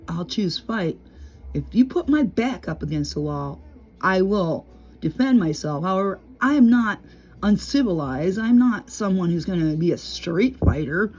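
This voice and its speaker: A middle-aged woman talking casually to camera from home, rambling and chatty, laughing often and sometimes dropping low and quiet. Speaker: vlogger.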